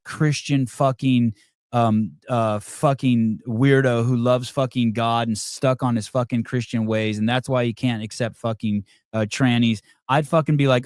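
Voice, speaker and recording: In a heated livestream chat, a male podcast host swears heavily and mocks a caller in a combative rant. His mid-range voice is clear and resonant, with fairly even intonation and a measured pace. The recording is dry and studio quality.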